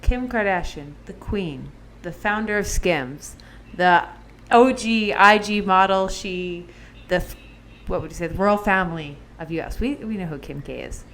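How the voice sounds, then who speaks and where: A woman's voice: lowish voice, a little slow, a bit bright. A woman co-hosting a podcast in casual chat, talking loosely with lots of fillers while recovering from surgery and still on medication. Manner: chatty, lots of "like" fillers, laughs often. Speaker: podcast co-host.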